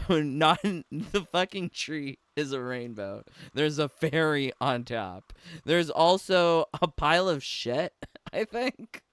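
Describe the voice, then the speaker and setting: A man hosting a casual reaction video, talking slowly over a clip in a smooth, clean voice. He rambles through his asides, swearing freely and breaking into giggles. The sound is close and dry. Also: a little high, expressive, a bit bright, no room sound.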